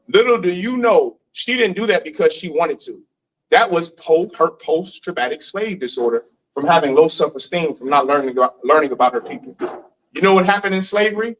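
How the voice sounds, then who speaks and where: A man lectures a live class in a high-pitched voice, animated and often stopping to put questions to the room. He sounds far from the mic, as if recorded from across a classroom. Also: fast talker.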